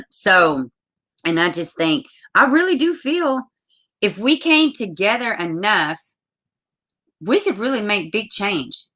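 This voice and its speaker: A young adult woman hosting a casual live-stream chat, blunt and animated, swearing freely. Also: mid-range voice, slow pace, pauses often. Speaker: channel host.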